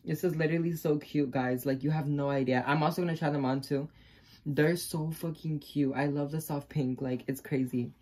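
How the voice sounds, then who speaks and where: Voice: medium pitch, steady tone, moderate pace, darkish tone. A young adult vlogger unboxing a package in a casual vlog, gushing, swearing freely and squealing with delight.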